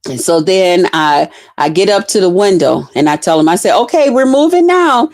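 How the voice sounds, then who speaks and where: A woman's voice: sits low, normal speed, darkish tone, dry recording, clean studio sound. A woman telling a story in a casual, blunt way, swearing freely and laughing as she talks.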